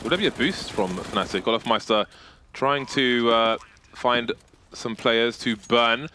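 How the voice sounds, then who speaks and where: A man's voice: medium pitch, unhurried, bright, forceful tone, slight background noise. A man commentating an esports match play by play, with jokes and banter between the calls.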